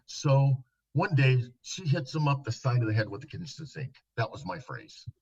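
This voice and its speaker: Man, counselor, husky voice, earnest storytelling, soft low tone, muffled lo-fi audio. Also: very animated, normal speed. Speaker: licensed counselor guest. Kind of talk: storytelling in a podcast interview.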